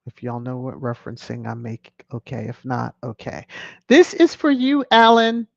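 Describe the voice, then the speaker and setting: A woman's voice: rumbling low, moderate pace, vocal fry, dark tone, husky, no room sound, lo-fi sound. A woman hosting a casual livestream, reading viewer comments aloud with a playful, teasing manner and frequent chuckles. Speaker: livestream host.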